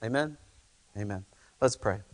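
A man's voice: on the low side, measured pace. A male pastor preaching a sermon in church, talking conversationally and emphatically, often repeating phrases.

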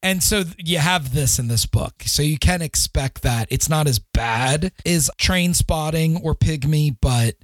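A man's voice: a little high, a little slow, few pauses, no room sound. A man co-hosting a podcast, talking emphatically about books and laughing often. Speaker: podcast co-host. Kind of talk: casual book discussion.

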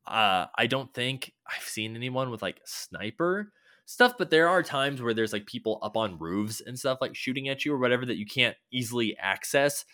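A man's voice: medium pitch, animated, moderate pace, sharp tone, no echo, studio quality. A man casually rambling about a video game, loose and swearing now and then, with many fillers.

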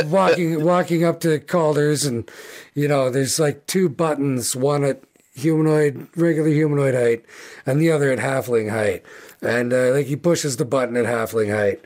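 A man's voice: mid-range voice, normal speed, darkish tone. A man narrating as game master, rambling with many fillers and restarts.

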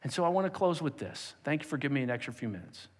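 A man preaching a sermon as pastor, moving from emphatic exhortation to hushed prayer. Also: mid-range voice, sing-song, racing. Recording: long hall reverb.

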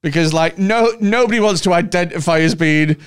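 Smooth-voiced man hosting a comedy podcast. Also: high-pitched, a little fast. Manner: rambling, hesitant storytelling with many restarts. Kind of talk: casual chat.

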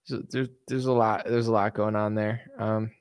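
A man's voice: fairly low pitch, little pitch movement, moderate pace, clean tone, no room sound, clean studio sound. A young man hosting a casual livestream, reading viewer comments aloud and answering them with sarcastic mockery. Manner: sarcastic, mocking, jumps into impressions.

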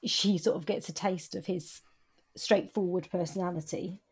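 A woman's voice: fairly low pitch, fairly even intonation, moderate pace, slightly rough. A woman co-hosting a podcast, talking about a novel in an agreeable, hesitant way. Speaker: podcast co-host. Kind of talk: casual book chat.

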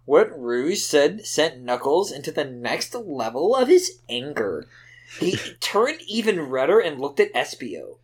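Brief: comedic podcast host narrating fanfic, animated delivery, breaks into laughter. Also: medium pitch, unhurried, breathy edge. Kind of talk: reading fanfic aloud for laughs.

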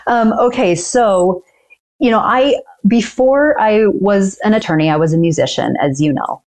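A woman, a dental attorney, explaining negotiation tactics in an earnest, measured way as an interview guest. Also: medium pitch, expressive, a little mellow. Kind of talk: casual interview talk.

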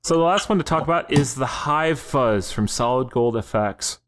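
A male podcast host in casual chat, steering topics and recapping news in a measured, mid-pitched voice. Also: expressive, a bit bright.

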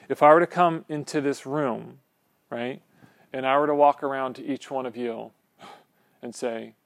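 Gravelly man teaching a Bible class. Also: medium pitch, steady tone, measured pace, dry recording. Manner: conversational, peppered with "right?" tags and restarts.

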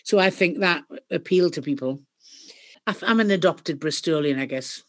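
A middle-aged woman with a Geordie accent, a podcast guest telling stories in a chatty, animated way. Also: sits low, moderate pace. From Northeast England. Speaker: guest, company founder. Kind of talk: podcast interview.

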